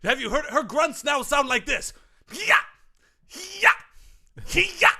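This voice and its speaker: A man's voice: moderate pace, vocal fry, exaggerated voice. A man acting a boastful, self-important male tennis grunt coach in a comedy sketch, showing off grunt sounds. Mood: smug. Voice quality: high, bright, swooping voice with loud demonstrated grunts. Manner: pompous and self-congratulating. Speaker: sketch character.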